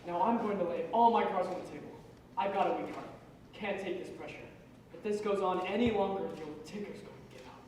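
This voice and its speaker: An actress playing a flustered elderly hostess with a weak heart, fussy and theatrical, on stage in a musical. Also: female voice, fairly low pitch, a little fast, darkish tone, slight background noise, close to an everyday voice. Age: older. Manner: fussy and theatrical, swooping exclamations. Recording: echoey theatre stage, mics far off.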